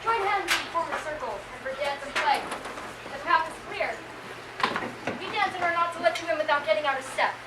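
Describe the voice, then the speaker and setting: A woman's voice: high-pitched, expressive, a little fast. A woman playing a merry, boastful clown of a wandering acting troupe, speaking in a theatrical, exclamatory way. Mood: jolly. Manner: theatrical, exclamatory, bursts into song. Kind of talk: amateur stage acting. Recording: echoey stage, distant mic, noisy.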